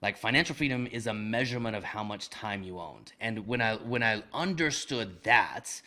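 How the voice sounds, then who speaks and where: A man telling a personal story as a podcast guest, animated and self-deprecating, with casual slang like "man" and "dude.". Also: fairly low pitch, moderate pace. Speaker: guest, real estate investor. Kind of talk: conversational storytelling.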